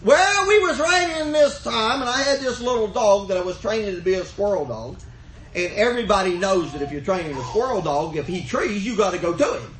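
A man's voice: high-pitched, lively intonation, a little fast, a bit bright, echoey room, slight background noise, poor audio. An older man, preaching a sermon in a folksy storytelling way that builds to fervent emphasis.

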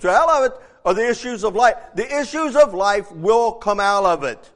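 A man preaching a sermon, emphatic, dropping to a hush and then rising to near shouts. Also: high-pitched, lively intonation, normal speed, big-room sound. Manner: emphatic, swings from hushed to shouting.

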